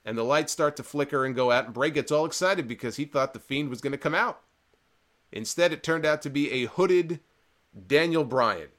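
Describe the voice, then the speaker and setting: A man's voice: medium pitch, fairly bright tone. A man hosting a live-streamed wrestling recap, talking in an opinionated, sarcastic and rambling way. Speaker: wrestling show host.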